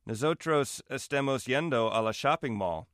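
A man reading aloud, voicing a cheerful, overeager middle-aged mother who chats brightly. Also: mid-range voice, animated, normal speed, no echo, studio quality, pitched above the performer's own voice, lightly acted. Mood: chirpy. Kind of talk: literary reading.

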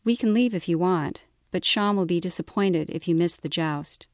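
A woman's voice: on the low side, moderate pace, no room sound, clean studio sound, natural voice. A woman author reading as a wry young woman, sometimes in a mock English accent, in a playful manner. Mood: bright.

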